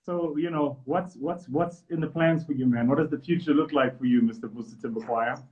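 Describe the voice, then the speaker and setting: A South African man hosts a live chat with playful, mock-flattering teasing. His voice sits high for a man, and the lo-fi stream audio sounds dull. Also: a little fast.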